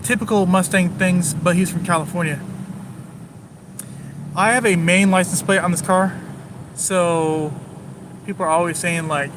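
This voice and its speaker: A man's voice: high-pitched, steady tone, a little slow, long pauses, background noise. A man chatting casually to live-stream viewers while driving around town, rambling and joking as he goes. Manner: rambling, jokey, talks to chat viewers nonstop. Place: in a car driving through city streets.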